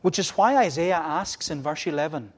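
A man preaching a sermon from a church pulpit, with repeated refrains, rising to loud cries and dropping to hushed lines. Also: on the high side, moderate pace. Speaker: minister.

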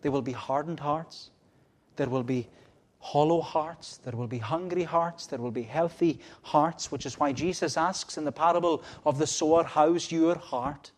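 A man preaching a sermon from a church pulpit, with repeated refrains, rising to loud cries and dropping to hushed lines. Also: fairly high pitch, normal speed. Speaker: minister.

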